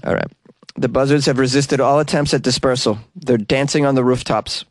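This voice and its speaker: A man's voice: mid-range voice, steady tone, fairly quick, no room sound, clean studio sound. A man hosting a comedic news segment, reading stories and riffing sarcastically with asides.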